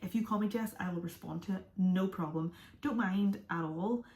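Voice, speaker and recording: This is a casual to-camera vlog by a young woman from outside the USA, her chatter wandering and occasionally dropping to a whisper. She speaks at a moderate pace in a mid-range, slightly mellow voice, recorded in an echoey room.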